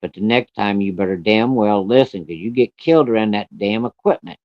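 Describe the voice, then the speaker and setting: A man's voice: on the low side, a little fast, natural voice. A man playing a stern farm mother. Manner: emphatic, lecturing. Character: stern but caring farm mother, scolding. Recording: dry, dull lo-fi recording.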